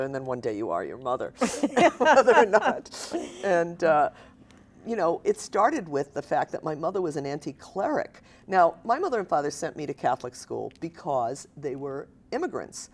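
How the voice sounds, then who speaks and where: A woman in her sixties, an author, reading from her memoir and telling lively stories with frequent laughs. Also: lowish voice, moderate pace, husky. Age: 60s. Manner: animated storyteller, laughs often. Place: stage at a writers event.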